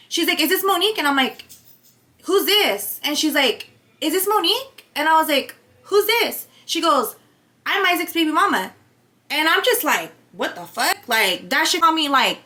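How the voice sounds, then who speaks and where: A young woman vlogger telling her side of a story straight to her viewers. Her voice sits high, with a bright, sharp edge. She talks fast and swears freely, acting out the lines of the people in her story. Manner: rapid, profane, animated retelling with acted quotes. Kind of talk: casual storytime to camera.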